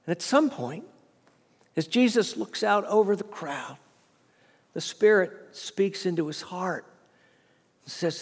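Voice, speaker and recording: High-voiced preacher in a reverberant hall. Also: male voice, a little slow, long pauses, husky. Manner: animated storytelling, repeats words. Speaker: preacher, fundraising minister. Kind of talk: sermon.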